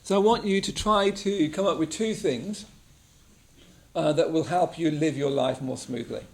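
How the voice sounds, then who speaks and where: A man's voice: a little high, normal speed. A man teaching a mindfulness class in a casual, conversational way, often checking in with the group. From England. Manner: conversational, checks in with frequent "yeah?". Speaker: meditation teacher. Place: meditation class room.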